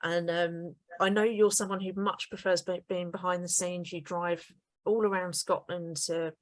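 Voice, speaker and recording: A woman's voice: on the low side, flat delivery, moderate pace, no echo. A woman co-hosting a podcast, praising her guest in long, effusive, running sentences. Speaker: podcast co-host. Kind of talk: casual interview chat.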